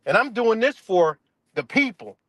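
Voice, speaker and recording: High voiced guy ranting and cussing on his stream, mocking, dry close audio. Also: very animated, moderate pace, fairly bright tone, dry recording. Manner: aggressive, profane, mocking rant. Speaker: livestream host. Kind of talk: profane ranting livestream.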